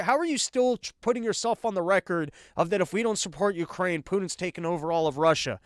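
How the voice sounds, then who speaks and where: A man's voice: high-pitched, quick pace, hardly any pauses, no echo, clean studio sound. A man hosting a political podcast, reading news items and riffing on them in an irreverent, sarcastic, rambling way. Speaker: podcast host. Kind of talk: casual political commentary.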